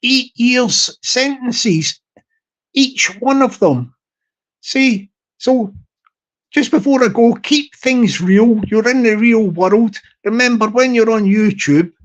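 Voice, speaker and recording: A man's voice: extremely high pitch, low-quality recording. A man talks to his live stream in a loose, rambling way. He stalls on fillers and restarts often, and he repeats his points over and over. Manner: halting, repetitive, many fillers and restarts.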